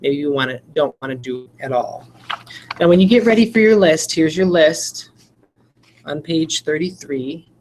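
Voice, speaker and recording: A woman with a low voice leads other teachers through a spelling lesson in a relaxed, explanatory way. She breaks words into single sounds and letters as she goes, and faint room ambience sits behind her. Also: moderate pace, a little hiss or hum, poor audio. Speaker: teacher trainer. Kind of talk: casual instructional walkthrough.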